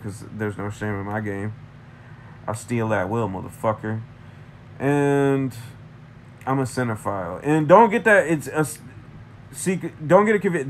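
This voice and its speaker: A man's voice: medium pitch, vocal fry, slight background noise. A man from Michigan, rambling through a profane, tangent-filled movie review. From Michigan, USA. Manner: profane, ranting, jumps between tangents.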